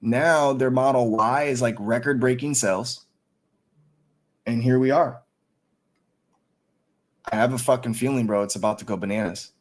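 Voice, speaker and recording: A man hosting a casual livestream, talking excitedly and cursing freely. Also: medium pitch, normal speed, long pauses. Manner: excited, profane, hyped up. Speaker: stream host.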